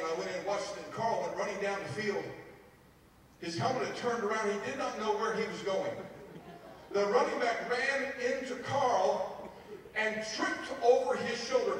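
A man preaching as a pastor, telling a story in an animated, humorous way. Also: sits high, slight background noise. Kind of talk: storytelling sermon. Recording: echoey hall, mic far off.

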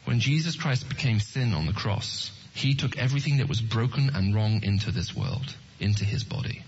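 Husky-voiced man giving an earnest talk. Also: on the low side, expressive, moderate pace, dull audio. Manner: earnest, asks the audience questions. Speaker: Christian apologetics speaker. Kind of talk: evangelistic talk to an audience.

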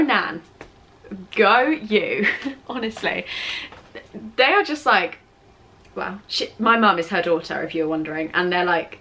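A teenage English girl talks straight to her camera in a relaxed Q&A vlog. She rambles, giggles and wanders off topic. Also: mid-range voice. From England. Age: teens. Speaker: vlogger. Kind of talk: casual Q&A vlog. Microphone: camera mic with ring light setup.

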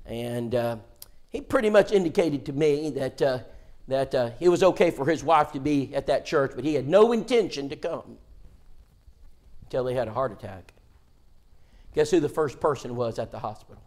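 A male preacher in a church telling a story in a sermon, animated and acting out dialogue, often stammering and restarting his words. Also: medium pitch, normal speed. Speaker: preacher, guest seminar speaker.

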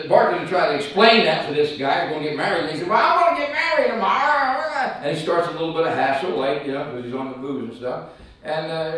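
High-voiced male evangelist in an echoey church. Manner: folksy storyteller, animated, acts out voices. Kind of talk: sermon testimony storytelling. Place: church sanctuary. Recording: echoey church, mic from a distance.

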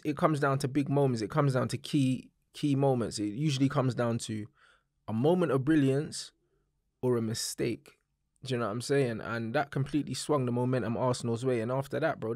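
A young man talks through a football match calmly, in relaxed slang. His voice sits at a middling pitch and sounds close and dry. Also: dry recording. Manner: calm, measured, slangy. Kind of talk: casual football chat.

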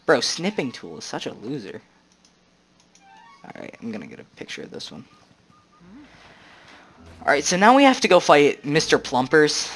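A young man hosting a casual let's-play, joking, excitable and full of slang as he comments on the game. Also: medium pitch, a little hiss or hum. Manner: slangy, joking, excitable, says "bro" a lot. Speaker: gaming channel host.

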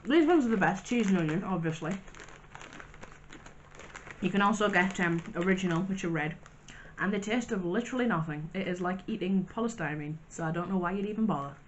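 A woman's voice: on the low side, expressive, fairly quick, highs cut off. Woman, casual vlog, chatty, wry asides, faint background hiss. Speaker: vlogger. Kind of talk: casual snack review vlog.

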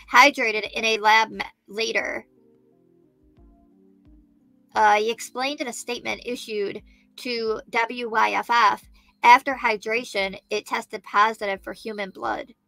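A woman hosting a true crime livestream, reading a news story aloud, thinking out loud and chatting with her viewers by name. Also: a little high, gravelly, dry recording. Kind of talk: live-stream chat, reading news aloud.

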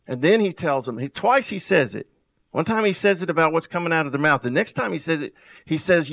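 A man preaches with fervor and a fairly high voice. He keeps firing rhetorical questions and repeating phrases. He swings from loud bursts to near-murmurs and stretches out words for weight. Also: lively intonation, creaky. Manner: wide swings in loudness and pace, drawn-out emphasis. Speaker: pastor. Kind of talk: sermon.

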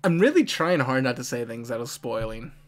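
An excitable anime reaction host in casual commentary, often laughing and talking back to the screen. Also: medium pitch, brisk.

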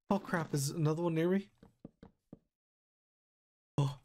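A young gaming YouTuber provides let's play commentary on Minecraft, easily startled and frequently gasping and exclaiming. His voice is a little high with lively intonation, delivered slowly with long pauses, over game music and slight background noise.

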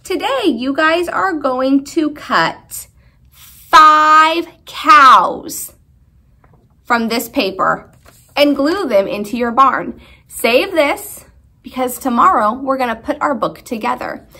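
High, sing-song preschool teacher woman. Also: animated, fairly bright tone. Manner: slow, sing-song teacher talk with questions to the children. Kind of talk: reading a poem aloud to young children.

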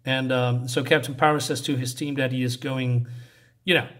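A man casually reviewing a comic book and recapping its story, often halting and restarting as he searches for words. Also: mid-range voice, fairly even intonation, fairly bright tone.

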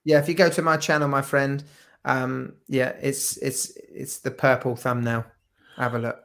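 A man's voice: medium pitch, level tone, moderate pace, vocal fry, fairly bright tone. A man on a live video call, chatting casually in a jokey, rambling way with lots of restarts and fillers. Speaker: guest watch collector. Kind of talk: casual live-stream chat.

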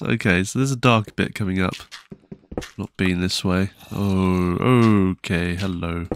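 A man's voice: low voice, a little slow, clean tone. Jumpy man commenting on gameplay. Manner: jumpy, nervous exclamations, self-mocking. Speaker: gaming channel host.

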